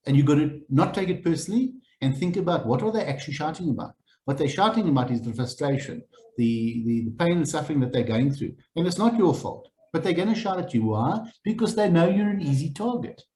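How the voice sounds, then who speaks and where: A man's voice: fairly high pitch, warm tone. A man giving a blunt, informal training talk to property agents, acting out phone calls with clients. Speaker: real estate agency principal training agents. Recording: echoey room, faint noise.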